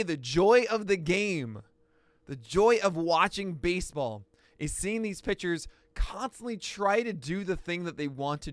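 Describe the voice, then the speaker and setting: A man hosting a pitching analysis, talking through each pitch with excitable outbursts. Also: no echo. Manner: excitable, bursts into shouts and laughs. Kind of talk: excited play-by-play pitch breakdown.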